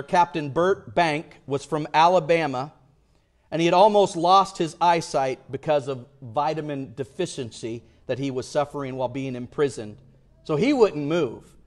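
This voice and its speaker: Man, pastor, sermon, slow deliberate delivery, slightly high voice, loud-to-hushed dynamics. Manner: dramatic shifts from loud emphasis to hushed near-whisper.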